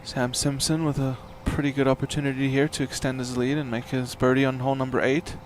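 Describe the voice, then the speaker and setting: A man giving live golf commentary in a relaxed, chatty way, with tips and play calls. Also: mid-range voice, a little fast, slight background noise.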